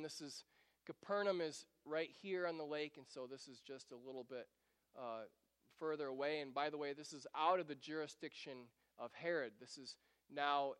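A man's voice: a little high, clear, resonant tone, no room sound, in a large hall. A man preaching a sermon, reading scripture aloud and acting out the disciples' pleas in varied voices. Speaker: pastor. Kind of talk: expository sermon.

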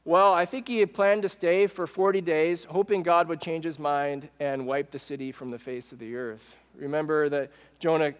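A male pastor with a high voice preaches a lively sermon, acting out quoted speech and calling questions out to the people in front of him. His voice carries a long reverb, as in a large church hall. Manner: animated, acts out quoted speech and asks the congregation questions. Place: church sanctuary.

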